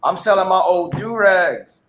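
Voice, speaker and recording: A man's voice: high voice, expressive, measured pace, fairly bright tone. A man on a podcast, laid-back and drawling, often adding "man" as he jokes. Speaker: podcast guest. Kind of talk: casual comedic chat. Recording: echoey room.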